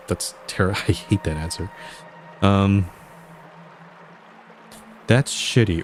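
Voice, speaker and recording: A male game streamer talks in a low, relaxed voice, reacting wryly and trailing off mid-sentence. Soft music sits faintly in the background. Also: measured pace, long pauses. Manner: chatty, wry, laughs and trails off. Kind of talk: casual live commentary while playing.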